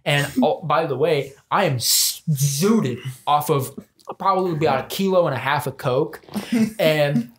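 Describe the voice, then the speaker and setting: A man's voice: fairly high pitch, unhurried. A man hosting a podcast, telling a crude, escalating comic story in a rambling way and often laughing mid-sentence. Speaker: podcast host. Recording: loud background noise.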